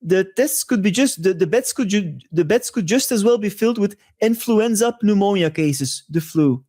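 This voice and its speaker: A man's voice: high voice, animated, moderate pace, warm tone. A man hosting a monologue-style commentary show, talking in a conspiratorial way with rhetorical asides. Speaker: host.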